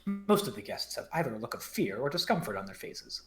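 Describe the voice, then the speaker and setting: A man streamer reading a story game aloud, with quick jokey asides. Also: medium pitch. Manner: fast, lively, joking asides. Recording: roomy echo.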